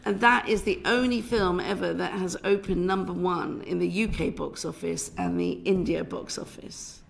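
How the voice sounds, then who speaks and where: A woman's voice: on the low side, fairly even intonation, moderate pace, creaky. A middle-aged British woman film director with a British accent, giving passionate, emphatic evidence to a committee, often restarting her sentences. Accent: British English. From Britain. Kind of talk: parliamentary committee testimony. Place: committee room.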